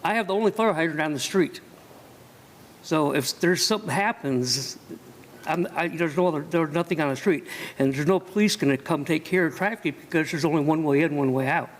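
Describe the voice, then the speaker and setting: An older retired man giving a plainspoken public comment at a county meeting, with halting restarts. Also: fairly high pitch. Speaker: retired resident. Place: county commission meeting room.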